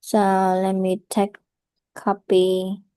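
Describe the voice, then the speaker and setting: A woman's voice: medium pitch, completely flat delivery, very slow, warm tone, smooth. A woman, tutoring English over a video call and giving patient, corrective feedback. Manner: patient, corrective, repeats "okay?" often. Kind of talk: feedback in an online speaking lesson.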